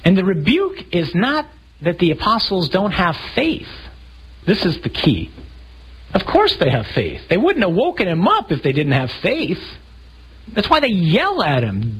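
A man preaching a sermon, telling stories with animated, acted-out scenes. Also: a little high, a little slow, husky, lo-fi sound. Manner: animated storytelling, acting out scenes with raised voice. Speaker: priest.

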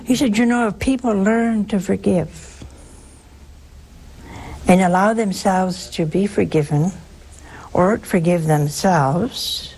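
Slow, gravelly older woman preaching. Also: mid-range voice, rough recording. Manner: chatty, storytelling, lively asides. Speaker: religious speaker. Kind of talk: spoken religious talk to a broadcast audience.

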